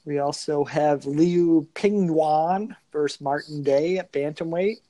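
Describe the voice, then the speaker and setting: A man's voice: fairly high pitch, takes it slowly, dry recording. A man co-hosting a casual podcast, reading out fight lineups with dry asides. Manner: reads lineups in a flat listing way, dry asides.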